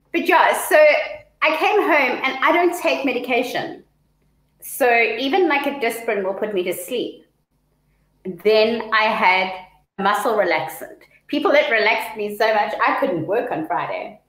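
A woman co-hosts a casual live-stream chat, telling stories with animated, dramatic flair. Her fairly high voice rings in an echoey room.

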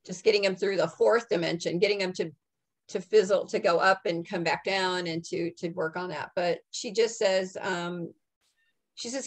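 A woman working as a psychic medium, relaying messages in a halting, soft-spoken way with many restarts. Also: lowish voice, steady tone. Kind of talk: channeling messages in casual chat.

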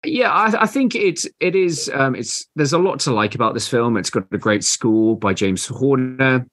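A man's voice: mid-range voice, expressive, normal speed, fairly bright tone. A man co-hosting a podcast, chatting casually about a film with hesitant, stop-start phrasing. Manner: hesitant, restarts often. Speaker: podcast co-host.

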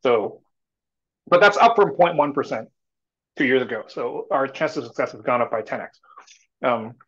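A man's voice: mid-range voice, expressive, moderate pace, fairly bright tone, slightly rough. A man talking as a startup CEO guest in a casual live talk, rambling and full of fillers and restarts. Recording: muffled lo-fi audio.

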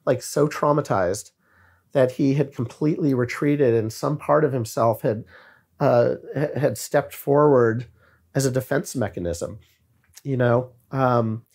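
A man's voice: medium pitch, unhurried, a little mellow. Reflective man talking through his thoughts. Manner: reflective, searching for words. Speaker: guest filmmaker. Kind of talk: podcast conversation.

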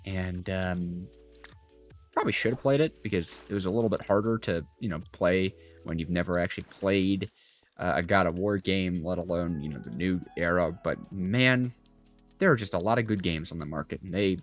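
A man's voice: low voice, normal speed, faint music behind. A young man giving rambling let's play commentary as a gaming YouTuber, chatty with lots of fillers and asides. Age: young adult.

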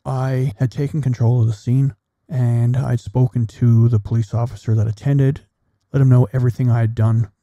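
Gravelly, very dark-voiced man telling a story. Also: mid-range voice, no room sound, muffled recording. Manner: blunt, profane, measured delivery. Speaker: podcast guest, military veteran. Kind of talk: personal storytelling.

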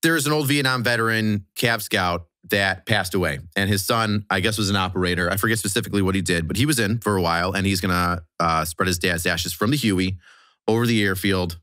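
Brief: male podcast guest, bright forceful voice, crude animated storyteller, dry close mic. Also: deep voice, fairly quick, no room sound. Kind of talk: casual storytelling.

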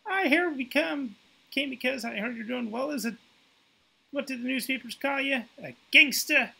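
A man's voice: very high voice, normal speed, creaky, pushed and bright, slightly rough, pitched above the performer's own voice, heavily acted. A man voicing a fretful old mother of a gangster, talking in a pleading, tender way.

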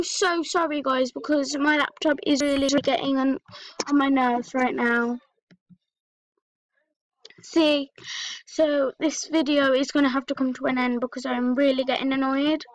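A woman's voice: high-pitched, poor audio. A woman vlogging, ranting in exasperation at her freezing laptop and apologizing to her viewers. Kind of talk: frustrated vlog rant.

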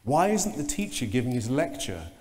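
A man voicing a stern, disapproving female director of studies with an Italian accent, scolding in slow, clipped words. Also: medium pitch, sing-song, darkish tone, lightly acted. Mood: suspicious. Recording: long reverb of a lecture hall.

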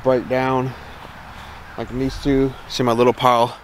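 A man with a Southern American accent talks through a casual homestead vlog outdoors. He rambles, restarts his sentences and sounds eager. His voice sits at an everyday middle pitch, with faint outdoor noise behind him. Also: level tone, a little slow. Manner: rambling, enthusiastic, many restarts. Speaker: homesteader vlogger. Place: outdoors in a yard.

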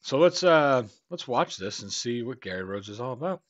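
A man's voice: mid-range voice, sing-song, moderate pace, a bit bright, no echo. A man from the United States hosting a reaction video, rambling loosely and swearing in jest. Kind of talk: casual reaction commentary. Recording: dry, slightly dull home mic sound.

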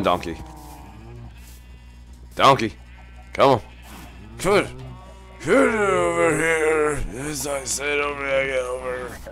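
Excitable, swearing gamer man. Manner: excitable and profane, yelping in high pitch when startled. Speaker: gaming YouTuber. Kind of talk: Minecraft let's play commentary.

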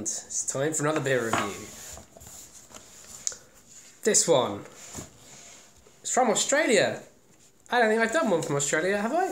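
A man's voice: fairly high pitch, big pitch swings, normal speed, pauses often, a little hiss or hum. A man giving a casual, rambling, self-deprecating beer review on his own. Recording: roomy echo.

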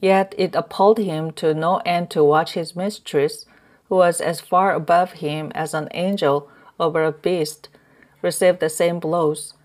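A woman narrating a translated novel as an audiobook in a measured reading. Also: lowish voice, steady tone, darkish tone. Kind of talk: scripted narration.

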